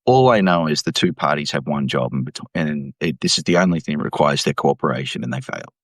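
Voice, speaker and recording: A man, an economics professor, explaining policy in an interview with an emphatic, animated delivery. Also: extremely low pitch, a little fast, dry recording. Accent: Australian. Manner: animated, emphatic, mimics voices when quoting.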